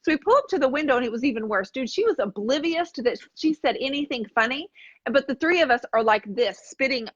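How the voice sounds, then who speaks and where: A woman co-hosting a live DIY painting show, telling a funny story with animated acted-out voices. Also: high voice, quick pace, lo-fi sound. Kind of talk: casual chat while painting furniture.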